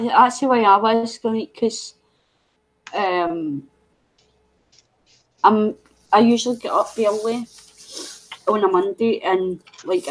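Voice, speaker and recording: A woman's voice: mid-range voice, low-quality recording. A middle-aged Scottish woman hosting a casual craft livestream, chatting in a loose, rambling way. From Scotland. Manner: chatty, rambling, coos at her pet. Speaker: craft channel host.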